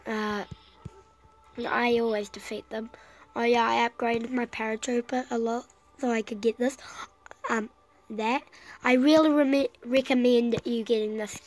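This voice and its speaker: Slow, rambling woman with a cough. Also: on the high side, low-quality recording. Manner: rambling, self-talking, trailing off with fillers. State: sick with a cough. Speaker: gameplay commentator. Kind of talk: casual let's-play commentary.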